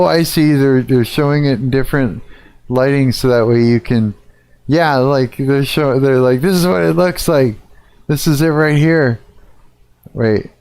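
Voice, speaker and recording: Slow-talking man, smooth dry voice. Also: mid-range voice, a little mellow, dry recording. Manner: laughing, swearing, puzzled thinking aloud. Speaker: live streamer. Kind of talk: casual live-stream reaction.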